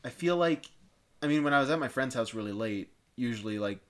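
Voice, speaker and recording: A man's voice: medium pitch, lively intonation, a little fast, fairly bright tone. A man in casual chat with friends, rambling through childhood memories with self-deprecating humor and many fillers.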